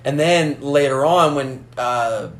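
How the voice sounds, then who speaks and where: A man in casual film discussion, animated, acting out movie lines as he retells scenes. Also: medium pitch, takes it slowly, echoey room. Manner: animated, acts out movie lines in character voices.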